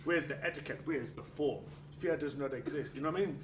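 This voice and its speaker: This man's voice is a little high and brisk as he instructs a martial arts class. He jokes around, swears, and performs other people's lines, all captured in a reverberant, noisy training hall.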